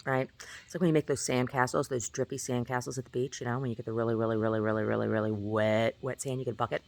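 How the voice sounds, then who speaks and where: A woman vlogger talking in a rambling, chatty way, often asking "right?" and at times jumping up into a high squeaky pitch. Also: fairly even intonation, quick pace, creaky, darkish tone. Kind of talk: casual rambling monologue.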